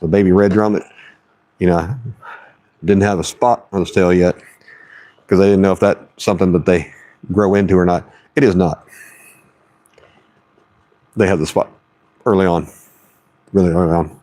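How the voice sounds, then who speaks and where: A man with a lowish voice chats casually through a fishing live stream. He is folksy and talkative and reads viewer comments aloud as he goes. The sound is close and dry, with no room around it. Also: steady tone, normal speed, long pauses, dark tone, no echo. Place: outdoors on the water.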